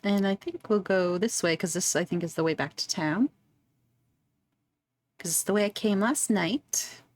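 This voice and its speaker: A woman's voice: mid-range voice, normal speed. A woman streamer chatting casually and giggling as she plays a game, reading its text aloud. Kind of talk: casual gameplay commentary.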